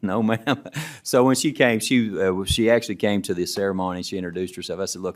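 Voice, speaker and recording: A middle-aged man with a notably low voice gives presentation remarks as an education commissioner. He talks in a relaxed, anecdotal way, restarting phrases as he goes. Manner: relaxed storytelling, frequent restarts. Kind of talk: presentation remarks to a student council.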